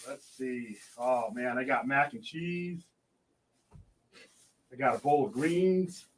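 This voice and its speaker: A man's voice: medium pitch, slow, slight background noise. A man from California hosting a live stream, chatting loosely and greeting viewers by name. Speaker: host of a live stream show. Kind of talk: casual live-stream chat.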